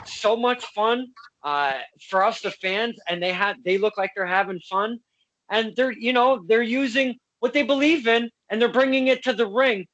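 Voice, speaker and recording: A man with a high, bright voice hosts the interview. He sounds like an eager fan, tripping over fillers and restarts as he talks. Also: highs cut off. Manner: enthusiastic fan, halting with fillers. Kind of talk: casual interview chat.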